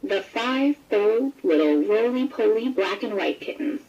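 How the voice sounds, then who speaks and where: A woman narrating a children's picture book in a gentle, expressive read-aloud manner. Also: mid-range voice, measured pace, muffled recording. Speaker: storybook narrator. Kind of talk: scripted children's story narration.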